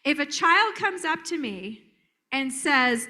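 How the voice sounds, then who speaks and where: A high-voiced woman gives a live conference talk as a therapist. She is animated and joking, and her pitch swings and lifts as she drops into silly voices for effect. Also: takes it slowly.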